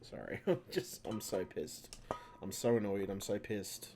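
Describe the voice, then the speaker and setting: A man's voice: on the low side, lively intonation, unhurried, background noise. A man rambling into his computer mic for a casual vlog, frustrated and swearing constantly, often restarting and trailing off. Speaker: channel host. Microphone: computer mic at home.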